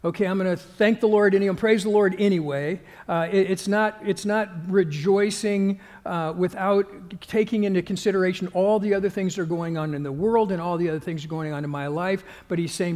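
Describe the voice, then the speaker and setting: A male pastor giving a conversational sermon, halting with fillers and restarts and growing more emphatic as he goes. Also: sits high, a little mellow, long reverb tail.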